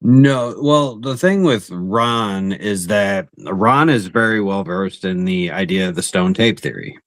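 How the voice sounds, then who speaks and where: A man co-hosting a paranormal podcast, chatting casually and relaxed. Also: fairly low pitch, measured pace, dry recording. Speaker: podcast co-host. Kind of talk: casual chat.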